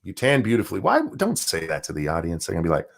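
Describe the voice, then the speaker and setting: Guy ranting on his stream, swears a lot, lowish voice that jumps way up when he mocks people. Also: huge pitch swings, very fast, vocal fry. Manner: profane, mocking rant with sudden pitch jumps. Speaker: streamer and show host. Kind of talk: ranting live-stream commentary.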